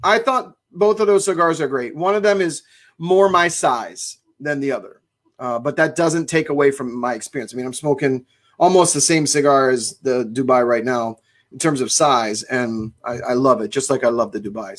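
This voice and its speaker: A man's voice: on the high side, a bit bright. A man hosting a cigar shop livestream, chatting casually and enthusiastically as he reads viewer comments. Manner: chatty and enthusiastic, exclaims often.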